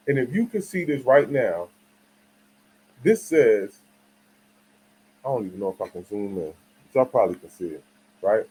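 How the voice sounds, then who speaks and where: A man's voice: lowish voice, lively intonation, a little fast, pauses often, dark tone, breathy edge, low-quality recording. A man hosting his own channel, telling stories in a casual, slangy commentary that rambles and restarts and keeps checking that listeners follow. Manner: asks the audience for agreement. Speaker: channel host.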